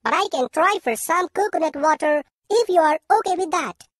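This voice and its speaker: A woman voicing a kind, patient country mouse in a cartoon who speaks gently and obligingly. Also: very high-pitched, lively intonation, moderate pace, dry recording, clean studio sound. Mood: polite. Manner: gentle, accommodating.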